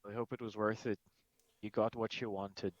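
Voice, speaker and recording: A man voicing a bitter, brooding cloaked vigilante in a gruff put-on Irish accent. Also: fairly low pitch, little pitch movement, moderate pace, no echo, lo-fi sound, lightly acted.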